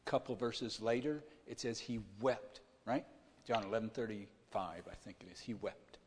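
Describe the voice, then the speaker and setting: A man preaches at a mid pitch, speaking to his congregation as if chatting and pausing to ask whether they are following along. His voice rings out with a long reverb, as in a large church hall. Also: darkish tone. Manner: checks in with listeners, plain-spoken retelling. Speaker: pastor. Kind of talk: conversational sermon.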